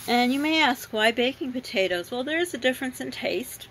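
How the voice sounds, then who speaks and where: High-voiced, expressive, and brisk, a vlogger raised abroad rambles through her produce haul in a home kitchen, full of ums and self-corrections. Her tone is a bit bright, and the poor audio carries slight background noise.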